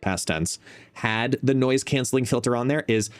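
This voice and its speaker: A man hosts a live stream in casual chat, his voice sitting at an ordinary middle pitch. He talks into a desk microphone at a home gaming setup and explains as he goes, dropping quiet and then getting louder. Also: normal speed. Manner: chatty, explains while testing his mic, shifts between quiet and loud. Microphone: desk microphone, no headphones.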